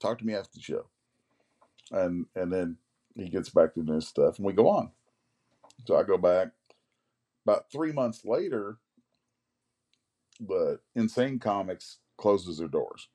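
A man in his forties, a comic artist, telling rambling anecdotes in a casual interview, often clearing his throat. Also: deep voice, animated, a little slow, long pauses, warm tone. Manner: rambling anecdotes, acts out others' lines.

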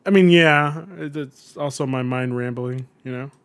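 A man's voice: medium pitch, moderate pace, clear, resonant tone. Playful rambling man. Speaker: podcast co-host. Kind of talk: casual chat, reading a quiz aloud.

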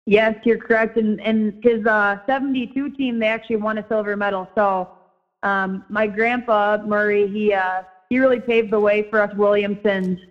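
A woman in her twenties with a Minnesota accent, a guest chatting casually in an interview, friendly and halting with frequent ums. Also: medium pitch, fairly even intonation, highs cut off. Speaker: guest, former college hockey player and coach.

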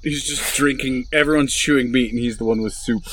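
A man playing a tabletop game, excitable and laughing often. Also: mid-range voice, fairly quick, noisy background. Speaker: player.

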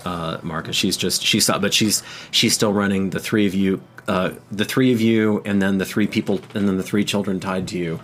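A man narrating a tabletop game as game master in a dramatic, unhurried way, with frequent restarts. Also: low-pitched, fairly even intonation, a bit bright, slight background noise.

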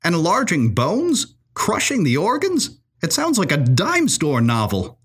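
A man's voice: high voice, wildly swooping pitch, unhurried, a bit bright, slightly rough, voice pushed up, exaggerated voice. A man voicing a smug, scornful young male student who scoffs in disbelief. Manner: scoffing, incredulous. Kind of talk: storytelling acting.

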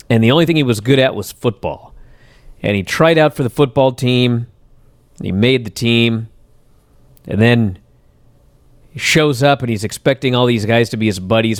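A man hosting a wrestling talk show, telling stories at length in a casual, animated way. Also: mid-range voice, no echo. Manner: animated storyteller, recaps at length. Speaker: wrestling radio show host.

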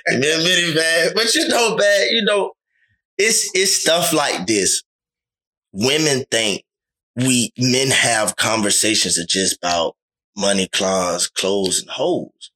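A man chatting casually, animated and acting out the voices of the people he quotes. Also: medium pitch, slow. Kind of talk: casual chat.

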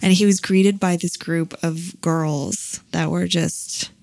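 A woman's voice: on the low side, fairly even intonation, slow pace, gravelly, darkish tone. A woman in her thirties chatting casually, a parent telling a long personal story with many fillers. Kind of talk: casual chat.

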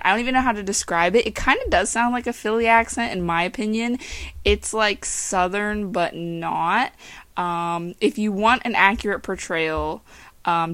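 A woman's voice: medium pitch, a bit bright, dry recording. A young woman from western Pennsylvania with a faint Pittsburgh accent, hosting her own podcast in a casual, rambling, chatty way with frequent laughs. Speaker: podcast host.

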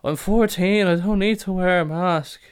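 A man voicing a brash, cheeky teenage boy who talks loud and cocky. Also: high voice, moderate pace, smooth, voice pushed up, close to an everyday voice. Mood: defiant.

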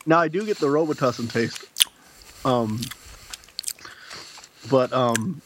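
A man's voice: mid-range voice, slow, slight background noise, rough recording. A man co-hosting a podcast in casual chat, playful and teasing, giggling often. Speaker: podcast co-host.

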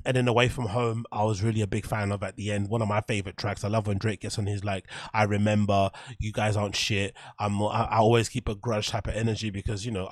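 Fast-talking man rambling on a podcast. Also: on the low side, dry recording. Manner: rambling, candid, heavy on fillers and swearing. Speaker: podcast host. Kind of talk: casual solo podcast monologue.

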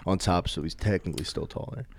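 A man's voice: deep voice, steady tone, fast talker, gravelly. A young man from the Philadelphia area in casual chat, skeptical and dry, recounting sports history.

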